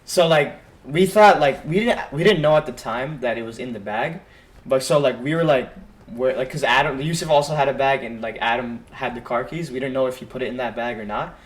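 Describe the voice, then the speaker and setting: A young man on a podcast, telling a long story in a loose, rambling way. He fills it with "like" and puts on short bursts of his friends' voices. His voice is middle-pitched and plain. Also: fairly quick. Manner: rambling, lots of "like", quoting friends. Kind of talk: casual storytelling.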